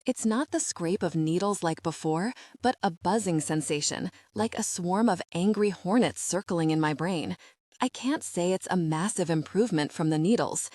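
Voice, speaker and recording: Low-voiced woman reading an audiobook. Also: darkish tone, no room sound, clean studio sound. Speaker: audiobook narrator. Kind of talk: scripted first-person narration.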